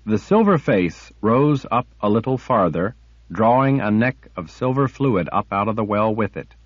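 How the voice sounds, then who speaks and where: A man narrating a fantasy audiobook with measured, dramatic storytelling. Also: on the low side, lively intonation, husky, no echo. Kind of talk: scripted narration. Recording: dull lo-fi audiobook recording.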